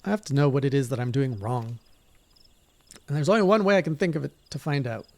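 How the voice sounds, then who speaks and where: A man's voice: mid-range voice, quick pace, a little mellow, natural voice. A man voicing a frustrated young rival archer in a game, speaking in an urgent, questioning way.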